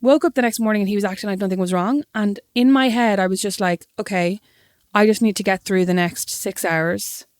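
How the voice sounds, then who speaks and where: Fast-talking Irish woman telling a story. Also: medium pitch, no echo, studio quality. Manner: animated, self-mocking storyteller. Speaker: podcast co-host. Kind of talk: casual chat, storytelling.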